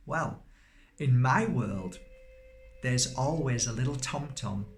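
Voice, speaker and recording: A man's voice: mid-range voice, a bit bright, slight background noise. A middle-aged man giving a spiritual workshop talk, emphatic, at times acting out anxious little voices. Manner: emphatic, acts out little voices of worry and exclaims.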